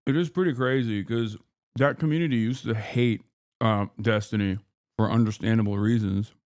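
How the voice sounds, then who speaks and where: A man's voice: on the low side, normal speed, darkish tone, no room sound. A man streaming and reacting to clips in casual commentary, blunt and profane, rambling with many fillers. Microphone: streaming microphone with noise gate.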